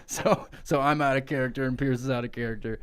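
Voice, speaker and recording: A man's voice: mid-range voice, fairly even intonation, fast talker, smooth. Giggly, profane young man narrating. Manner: giggly, profane, breaks into laughter. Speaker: podcast co-host. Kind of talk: improvised comic storytelling.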